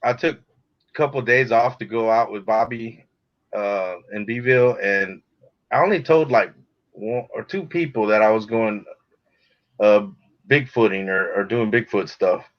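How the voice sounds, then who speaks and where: A man's voice: fairly low pitch, unhurried. A man telling a laid-back, slangy story in casual chat. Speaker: guest. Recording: dull lo-fi call audio.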